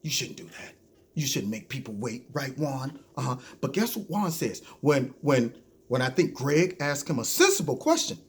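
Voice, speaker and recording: A man hosting his own show, giving ranting political commentary in an animated, mocking way and talking to listeners as "y'all". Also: mid-range voice, moderate pace. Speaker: show host.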